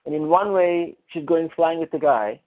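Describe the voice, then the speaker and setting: A man on a coaching call, talking in a halting way, restarting and searching for words. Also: fairly high pitch. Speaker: coaching client. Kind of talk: casual conversation on a coaching call. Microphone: call audio. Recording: narrow phone-line call audio.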